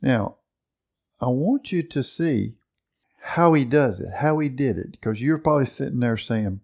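A man preaching a sermon, teaching slowly and emphatically with dramatic pauses. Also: mid-range voice, expressive, gravelly, a little mellow, breathy edge.

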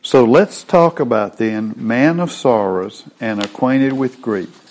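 A man's voice: medium pitch, slow, a little mellow, a little hiss or hum. A man teaching a Bible lesson in a sermon style, explaining word meanings step by step.

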